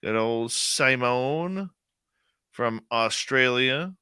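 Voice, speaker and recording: Slow, bright-voiced joking radio host. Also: male voice, medium pitch, animated, smooth, no room sound. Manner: jokey, greets chat viewers by name. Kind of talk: casual live radio chat.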